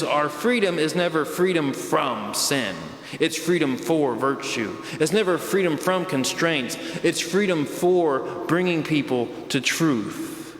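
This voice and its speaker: A man, a priest preaching a sermon, speaking emphatically and slowing down, dropping low on key words. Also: fairly bright tone. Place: church. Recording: echoey church hall from a distance.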